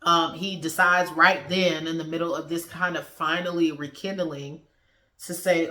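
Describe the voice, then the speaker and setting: A woman with a fairly low voice recaps a TV episode in a loose, slangy way, dropping into the characters' lines along the way. The recording has a noticeable roomy echo. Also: moderate pace, bright, forceful tone. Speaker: TV episode reviewer. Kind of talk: casual review vlog.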